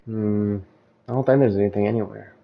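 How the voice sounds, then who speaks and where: A man's voice: on the low side, steady tone, brisk, gravelly, muffled recording, background noise. A man casually commenting on a game he plays and chatting to his viewers, over game music. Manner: chatty, friendly asides to viewers. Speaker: let's play host.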